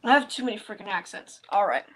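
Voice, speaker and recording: A woman host in casual chat, excitable and quick to exclaim. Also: medium pitch.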